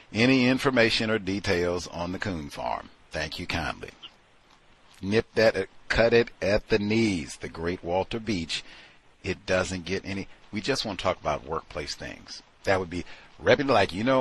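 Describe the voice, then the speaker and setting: A man with a low, husky voice hosts a talk show in loose, casual commentary. He rambles and stresses his points, circling back to repeat himself, and now and then slips into the voices of the people he quotes.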